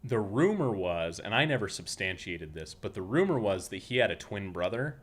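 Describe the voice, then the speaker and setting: A man's voice: lowish voice, big pitch swings, moderate pace. A man from Utah hosting a casual podcast, who tells meandering anecdotes full of restarts. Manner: rambling anecdotal storytelling with many restarts. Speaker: podcast host.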